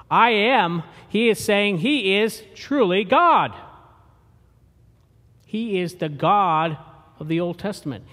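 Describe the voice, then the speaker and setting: A man delivers a sermon at a deliberate, unhurried pace, leaning on single words with dramatic pauses. His voice sits a little high for a man. It carries the long reverb of a church sanctuary. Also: a bit bright. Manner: slow, emphatic preaching with dramatic pauses. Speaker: pastor.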